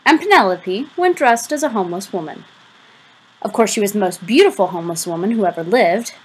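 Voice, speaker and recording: A woman reading a novel aloud as an audiobook, giving the first-person narration a lively, expressive delivery. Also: mid-range voice, a little fast, slightly rough, poor audio. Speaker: audiobook reader.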